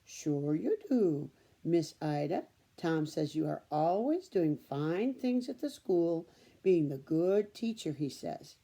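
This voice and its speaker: A woman's voice: deep voice, very animated, slow, mellow, full character voice. A woman voicing a plump, welcoming older farm wife with a German accent and homey broken English. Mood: friendly.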